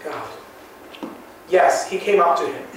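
A man narrating a classic novel in a measured, solemn way. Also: on the high side, animated. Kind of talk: audiobook reading of a classic novel. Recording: very echoey room, mic far off, faint hiss.

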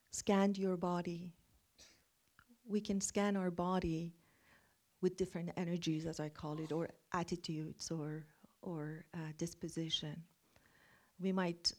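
A middle-aged woman leading a guided meditation, speaking gently and often slipping into breathy half-whispers. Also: fairly low pitch. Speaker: meditation teacher.

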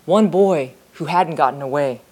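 A woman author reading her novel aloud in a steady, measured storytelling voice. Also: low-pitched, husky.

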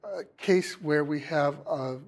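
A man giving a university lecture in class, talking in a halting way with many restarts and fillers. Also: fairly high pitch. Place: lecture hall.

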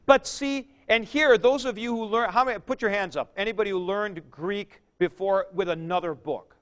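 A man's voice: sits high, normal speed, fairly bright tone. A man lecturing a class on Greek verbs, drilling forms aloud and stressing key points. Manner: drills verb forms aloud, emphatic asides. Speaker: Greek teacher.

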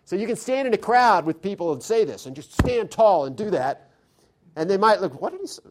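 A man lecturing an audience on constitutional theory in a lively, conversational way, often putting questions to the listeners. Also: high voice, moderate pace, noisy background.

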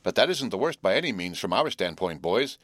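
A man's voice: on the low side, big pitch swings, fairly bright tone, dry recording. A man voicing a cheerful teenage boy who teases his friends while telling news. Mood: teasing. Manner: teasing, drawn-out storytelling.

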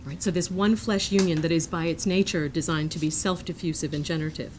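At a medium pitch, a woman delivers a prepared lecture aloud, measured and earnest. Every so often she steps aside for a remark that amuses her.

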